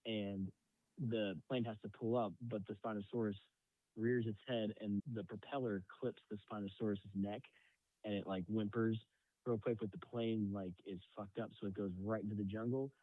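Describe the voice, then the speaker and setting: A man's voice: fairly low pitch, normal speed, no echo. Man recapping a film over a tinny line. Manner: animated storytelling with acted-out quotes and frequent swearing. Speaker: podcast co-host. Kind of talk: casual movie recap chat. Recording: dry tinny phone-like sound.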